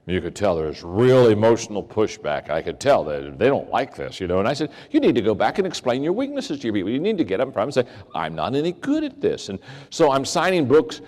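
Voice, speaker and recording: Older guy giving a leadership talk, super lively voice, jumps high and drops to a mutter for quotes, long hall echo. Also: fast. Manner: animated, acts out quoted voices with big pitch swings. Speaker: leadership speaker. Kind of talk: storytelling keynote talk. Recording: long reverb of a large hall.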